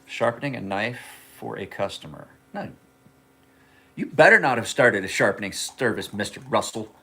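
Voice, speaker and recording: Chatty man with a lowish voice. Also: animated, normal speed, pushed and bright, breathy edge. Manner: rambling, joking and chatty. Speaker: knife sharpener and livestream host. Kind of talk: casual livestream chat. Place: his home kitchen.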